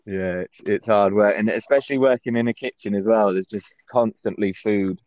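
Easygoing English man, low voice. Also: normal speed, a little mellow, no echo, dull audio. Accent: English, West Country. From England. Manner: laughs often, easygoing. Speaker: guest. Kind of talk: casual chat.

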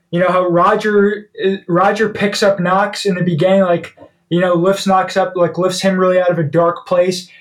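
A man with a high voice talks loosely through a film, and his sentences keep running on with fillers. He sits a little back from the mic, so the sound is slightly distant. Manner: rambling, many "like" and "you know" fillers. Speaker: podcast co-host. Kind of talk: casual movie discussion.

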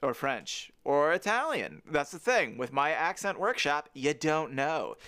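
A high-pitched man with a St. chats and jokes with a lively, swooping delivery. His tone is bright and smooth, and he talks at an easy, unhurried pace. He is playful and keeps slipping into silly voices. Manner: playful, slips into goofy voices and mock accents. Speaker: podcast co-host. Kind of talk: casual comedic chat reading a book.

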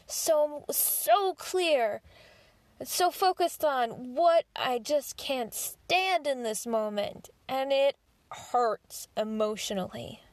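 A woman's voice: on the high side, lively intonation, slow pace, no room sound. A woman hosting a podcast, telling a personal story in a candid monologue, swearing freely and acting out her own inner thoughts. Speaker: podcast host.

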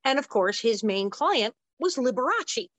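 Older woman guest, lively anecdotal talker with quick asides, dry close sound. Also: on the high side, no echo. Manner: animated, quick asides and acted-out quotes. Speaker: interview guest. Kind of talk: casual storytelling.

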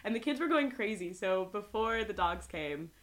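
A woman's voice: mid-range voice, moderate pace. A young woman in casual chat with friends, telling a long story with lots of laughs and acted-out quotes. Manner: laughs often, animated storytelling with voiced quotes.

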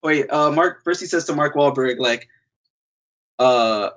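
A man's voice: a little high, a little slow, a bit bright. A man co-hosting a casual film podcast, eager and keen to retell favorite scenes. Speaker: podcast co-host. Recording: dull lo-fi mic.

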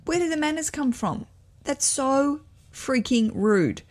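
A woman's voice: high voice, expressive, slow, a little mellow. Woman host, frank and profane, digresses and laughs at herself while she gives wedding advice. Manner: candid, swearing, self-mocking. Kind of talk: casual chat reading listener letters.

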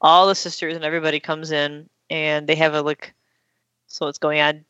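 A woman's voice: deep voice, little pitch movement, moderate pace, a bit bright, clean tone, dry recording. Chatty woman retelling a story, lo-fi. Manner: chatty storyteller acting out quotes. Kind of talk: casual chat, recapping a TV episode. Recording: dull, slightly lo-fi dry recording.

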